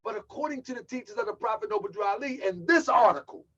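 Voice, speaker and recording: A man's voice: sits high, expressive, fairly bright tone. Emphatic man preaching, lo-fi sound. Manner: emphatic, slows and repeats for stress. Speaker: religious teacher. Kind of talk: preaching commentary. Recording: dull lo-fi audio.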